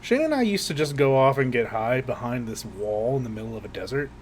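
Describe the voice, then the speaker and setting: A man's voice: mid-range voice, big pitch swings, fairly quick, a little hiss or hum. A young man co-hosting a podcast, telling rambling, profane stories in casual chat and laughing often. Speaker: podcast co-host.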